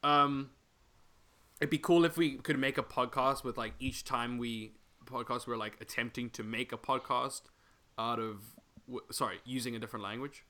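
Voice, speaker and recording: A man's voice: mid-range voice, fairly even intonation, moderate pace, bright, forceful tone. A man on a podcast, chatting casually, rambling, swearing often and correcting himself, over a video call. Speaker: podcast co-host. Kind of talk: casual chat.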